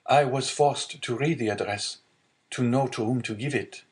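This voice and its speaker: A man's voice: medium pitch, moderate pace, pitched above the performer's own voice, natural voice. A man voicing an honest, earnest young male sailor in an audiobook, sincere and eager.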